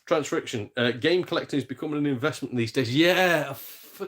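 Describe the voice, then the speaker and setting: A man's voice: medium pitch, a little fast, a bit bright. A middle-aged man hosting a gaming live stream, ranting sarcastically in casual chat and mimicking people in silly voices. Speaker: gaming channel host.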